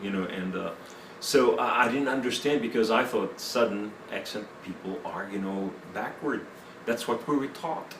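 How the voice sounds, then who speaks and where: A man's voice: on the low side, normal speed, background noise. A man giving his personal testimony in an interview, speaking broken English with many fillers. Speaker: interview guest. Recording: echoey room, mic at a distance.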